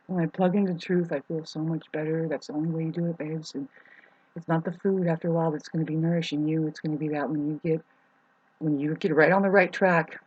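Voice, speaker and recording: A woman's voice: sits low, fairly even intonation, fairly quick, a little mellow, breathy edge, dull audio. A woman in a rambling, profane monologue, half-rhyming and sarcastic, with many ums.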